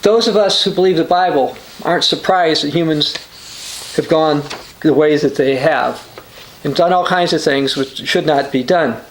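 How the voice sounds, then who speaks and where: A man's voice: on the high side, moderate pace, reverberant, a little hiss or hum, low-quality recording. A man hosting a religious news channel, giving a short sermon as he reads news quotes and scripture aloud, with the odd "uh" and restart.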